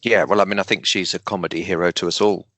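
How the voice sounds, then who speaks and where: A man, a guest speaker and humorist, talking in a casual interview with animated emphasis, dry jokes and deliberate pauses. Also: low voice, dry recording.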